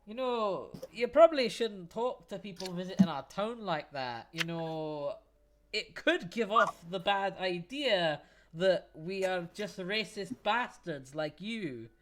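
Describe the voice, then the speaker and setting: A man's voice: high-pitched, lively intonation, slow, slight background noise, voice pushed up. A man voicing a blunt, bearded dwarf officer who rebukes with dry swearing. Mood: scolding.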